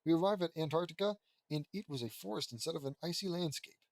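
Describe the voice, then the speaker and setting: A man's voice: on the high side, expressive, quick pace, darkish tone, no room sound, low-quality recording. A man reading a fan-fiction story aloud in a casual way, stumbling over names and stopping to poke fun at the writing. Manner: stumbles over names, breaks off to critique the text. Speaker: audiobook reader of fan fiction.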